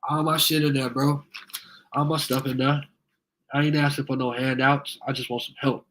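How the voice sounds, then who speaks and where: A man's voice: mid-range voice, level tone, moderate pace, fairly bright tone, a little hiss or hum. A man speaking into his phone on a live video, confrontational and profane, repeating himself as he appeals to viewers. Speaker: livestreamer asking viewers for help. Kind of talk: heated live video rant.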